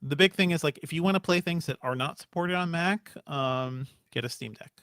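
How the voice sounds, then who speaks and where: A man co-hosting a podcast in casual chat, explaining things in a relaxed way with fillers. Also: fairly high pitch, a little fast, dry recording, clean studio sound. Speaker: podcast co-host.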